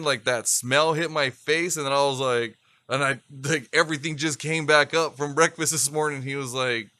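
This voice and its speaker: A man's voice: mid-range voice, steady tone, normal speed, pushed and bright, no room sound. A man co-hosting a podcast, telling a rambling, profane story and laughing often. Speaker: podcast co-host. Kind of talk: casual chat.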